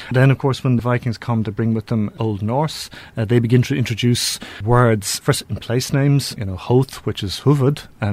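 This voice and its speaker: A man explaining history in a thoughtful, lecture-like way, often restarting his phrases. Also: mid-range voice. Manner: thoughtful, with frequent restarts and fillers. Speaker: speaker on language history.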